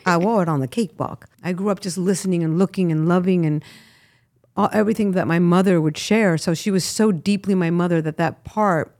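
A middle-aged woman from Miami, a guest actress, chatting casually in an interview and telling animated stories with frequent laughs. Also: on the low side, brisk. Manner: animated storyteller, laughs often, lively asides.

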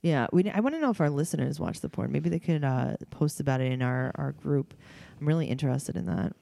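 A woman's voice: sits low, brisk, gravelly, dark tone. A woman co-hosting a podcast, chatting casually with blunt, crude teasing, with hiccups, in a home studio. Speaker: podcast co-host. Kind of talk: casual chat.

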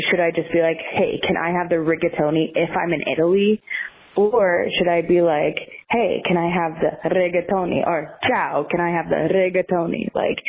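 A woman leaves a rambling voicemail, full of fillers and second thoughts. Her voice is low and husky. It comes through a thin, tinny phone line. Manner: rambling, uncertain, many fillers. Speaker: caller.

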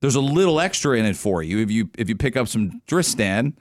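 A man's voice: medium pitch, sing-song, fairly quick, no room sound. A man with a Canadian accent hosting a morning radio show, chatting and joking on air in a studio. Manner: chatty, joking, musing aloud. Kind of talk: casual radio talk. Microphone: studio microphone.

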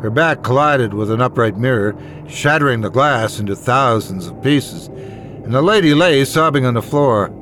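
A man with a mid-pitched voice reading a first-person horror story aloud. His delivery is measured and dramatic, with faint noise behind him. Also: expressive, fairly bright tone.

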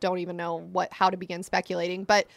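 A woman's voice: fairly low pitch, fast talker, gravelly, dry recording. Young female podcast co-host, casual and profane storyteller, close and dry. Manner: animated, swears freely, many "like" fillers.

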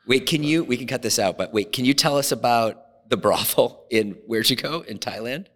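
Relaxed male podcast host. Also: mid-range voice, big-room sound. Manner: brief reactions and quick follow-up questions. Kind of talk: casual interview.

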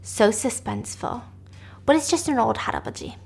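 A woman casually retelling the plot of a drama, animated and dropping to a whisper at tense moments. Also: fairly high pitch, normal speed, gravelly, slightly rough. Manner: animated, drops to a whisper for suspense. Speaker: storyteller recapping a drama. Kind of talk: casual storytelling recap.

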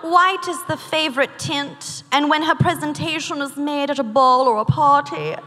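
A woman's voice: high-pitched, normal speed, sharp tone, faint music behind. A woman putting on a prim, old-fashioned etiquette authority, reading in an affected mid-Atlantic accent. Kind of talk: reading a quote aloud on stage. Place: live stage show. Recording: echoey hall, audible noise.

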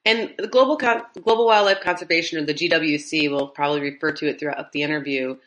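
A woman with a Midwestern American accent hosts a podcast interview in casual chat. Her voice is deep and a bit bright, and she talks at a quick pace while asking rambling, enthusiastic questions.

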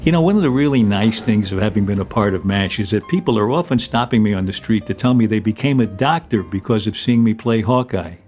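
A man's voice: on the low side, lively intonation, fairly quick, few pauses, darkish tone, soft background music. A man hosting a podcast, reading show links in a dry, wry way. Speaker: podcast host.

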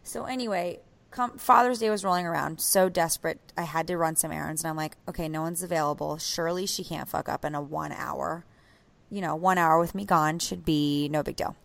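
A woman in her thirties telling a story in casual podcast chat, animated and swearing freely. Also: low voice, brisk, creaky. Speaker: podcast co-host.

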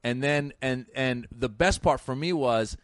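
A man's voice: mid-range voice, unhurried, no room sound, clean studio sound. A man from Iran, a stand-up comedian, telling stories in casual podcast chat with lots of restarts and repeated words.

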